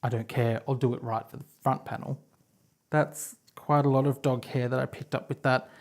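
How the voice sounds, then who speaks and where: A woman's voice: extremely low pitch, steady tone, moderate pace, darkish tone. Chatty Australian woman, self-deprecating host. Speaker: knitting podcast host. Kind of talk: casual chat to camera. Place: home, on her couch.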